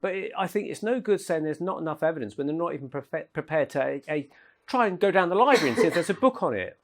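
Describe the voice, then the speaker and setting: A man telling anecdotes in a relaxed, chatty lecture, laughing at his own jokes. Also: fairly high pitch, fast talker. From England. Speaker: speaker at a paranormal talk. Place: lecture room at an event.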